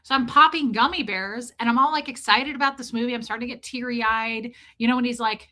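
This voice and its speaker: Bright-voiced woman ranting to her stream chat. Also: on the high side, a little fast, hardly any pauses. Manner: animated, profane, ranting, reads chat names aloud. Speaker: livestream host. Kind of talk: casual comedic storytelling to live chat.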